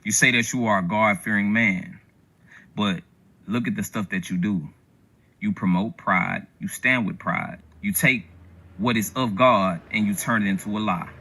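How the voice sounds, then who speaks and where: A man's voice: on the low side, moderate pace, creaky, sharp tone. A man delivering a confrontational, scripture-quoting rebuke. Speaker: online commentator. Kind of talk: preachy reproof.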